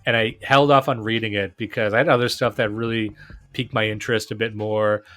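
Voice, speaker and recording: A man's voice: fairly low pitch, fairly even intonation, fairly quick, a bit bright. A man hosting a podcast, talking casually and enthusiastically, often restarting and repeating words. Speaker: podcast host.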